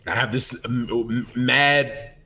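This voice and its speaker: A man's voice: mid-range voice, steady tone, slow pace, sharp tone. A man co-hosting a podcast, talking bluntly and laughing often in casual chat. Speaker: podcast co-host.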